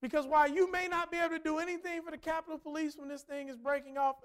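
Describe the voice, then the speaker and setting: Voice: high voice, little pitch movement, very fast. A preacher on a livestream, earnestly retelling a story in a conversational way and often repeating words as they go. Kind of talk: livestreamed sermon-style storytelling.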